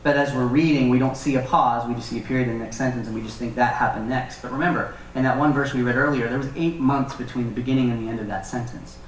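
A man teaching a Bible passage in a relaxed, conversational way with joking asides. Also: mid-range voice, quick pace, few pauses, slight background noise. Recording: echoey room from far off.

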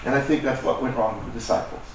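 Speaking very fast in a steady, medium-pitched voice, a pastor gives a conversational sermon, joking about himself and doing voices. The distant mic captures an echoey hall and faint noise.

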